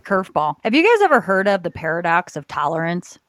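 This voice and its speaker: A woman's voice: fairly low pitch, sing-song, fast talker, fairly bright tone, no echo. A woman co-hosting a casual discussion, explaining an idea earnestly and often agreeing with short replies.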